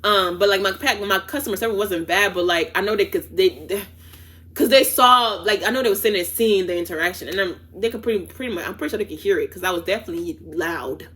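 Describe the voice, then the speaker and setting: Woman vlogger with an African and New York-tinged accent, mid-pitched, rambling casual storytime told from home. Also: quick pace. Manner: animated, restarts and trails off with "da da da".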